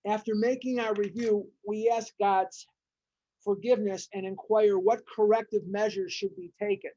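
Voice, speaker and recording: A woman's voice: mid-range voice, fairly even intonation, unhurried, dark tone. A woman leading a recovery study group, reading passages aloud and commenting on them with emphatic, repeated phrases. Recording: dull, muffled audio.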